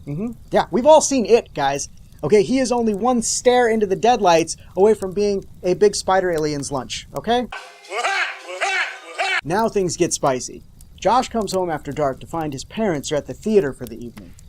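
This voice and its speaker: A host recapping an old TV episode with sarcastic jokes and playful asides to the audience. The pitch swings widely, rising into mock-dramatic outbursts before dropping back to a steady medium register. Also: moderate pace, a little hiss or hum. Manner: jokey asides to viewers. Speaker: show host. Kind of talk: comedic episode recap commentary.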